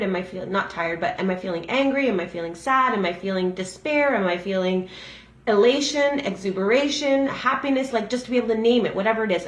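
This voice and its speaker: Gentle, halting woman in an echoey room. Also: mid-range voice. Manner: gentle, halting, with frequent restarts and fillers. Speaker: massage therapist and breathwork facilitator. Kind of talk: reflective daily-reading talk.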